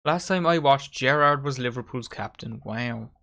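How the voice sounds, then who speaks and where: A man hosts a live match watchalong at a medium pitch. He calls the play in a casual, chatty way and banters with his mates and viewers as the game unfolds. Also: normal speed, vocal fry, bright, forceful tone. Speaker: watchalong host.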